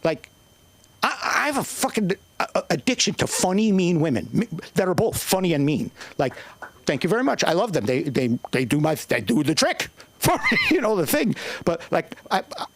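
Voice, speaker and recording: An older man doing profane, rambling stand-up comedy at an open mic, with sudden shouted bursts. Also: high voice, very animated, moderate pace, no room sound. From Northern Ireland.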